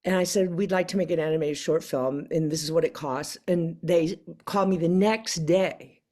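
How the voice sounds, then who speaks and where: An older woman as an interview guest, telling a story in casual chat, animated and acting out the voices she quotes with frequent laughs. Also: low-pitched, normal speed.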